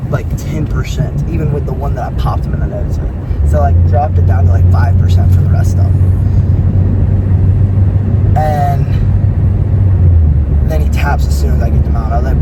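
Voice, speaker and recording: A man vlogging, casually and animatedly retelling a quarrel and quoting the other people's words. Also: medium pitch. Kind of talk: casual vlog storytelling. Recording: distant mic, loud street and car noise.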